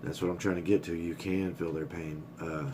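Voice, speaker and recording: A man's voice: sits low, flat delivery, fairly quick, noisy background. A middle-aged man rambling candidly in a casual personal vlog, swearing freely and getting choked up. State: emotional, choked up. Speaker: vlogger.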